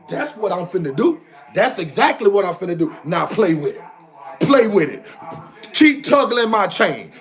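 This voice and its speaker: Fired-up high-voiced man ranting on stream. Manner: preachy, repetitive, fired-up. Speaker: live stream commentator. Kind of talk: heated livestream rant.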